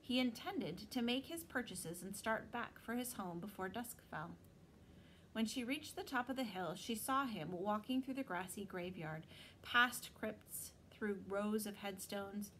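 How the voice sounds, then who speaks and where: A woman teacher reads a novel aloud to her students. Her storytelling is expressive, and her pitch sits in a middle range. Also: a little slow, slight background noise, poor audio.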